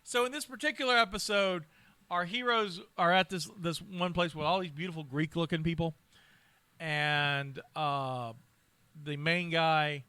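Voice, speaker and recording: A man hosting a podcast who tells stories in an animated, casual way and laughs often. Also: a little high, unhurried, clear, resonant tone, no room sound. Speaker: podcast host. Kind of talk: casual chat.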